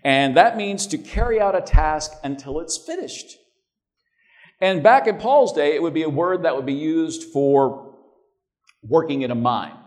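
A male preacher delivering a sermon in a relaxed, conversational way, often restarting his phrases. His voice sits a little high for a man. It rises and falls widely, with emphatic peaks and quiet stretches. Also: a little slow. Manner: conversational, repeats words when starting.

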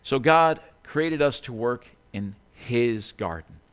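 This pastor takes his sermon slowly, his medium-pitched voice expressive, a bit bright, clear and resonant. He talks casually with asides and self-corrections, occasionally acting out quotes in a small, pleading tone.

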